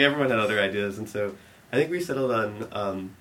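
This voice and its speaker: A young man telling a rambling story to an audience, full of fillers, growing animated and laughing as it builds. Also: lowish voice, fast, slight background noise.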